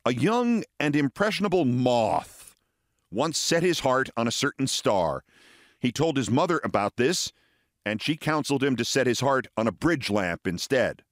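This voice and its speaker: A theatrical man in his sixties reads fables aloud, letting his pitch rise and fall widely. His delivery is expressive and deliberate. The sound is close and dry with no room echo. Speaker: host.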